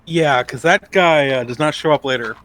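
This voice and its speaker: A man's voice: a little high, normal speed, fairly bright tone, dry recording. Blunt, swearing male podcast co-host, dry sound. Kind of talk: casual chat.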